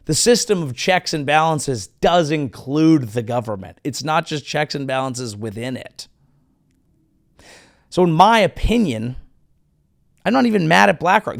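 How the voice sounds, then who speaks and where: A man's voice: medium pitch, no echo, studio quality. A male comedian hosting a show, delivering a sarcastic, profane political monologue. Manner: sarcastic, animated, profane ranting. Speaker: comedian host.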